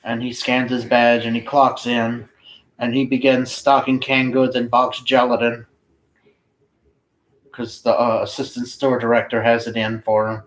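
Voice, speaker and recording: A man casually reading his own fiction aloud, unhurried and flat, now and then pausing to find his place. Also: medium pitch, rough recording.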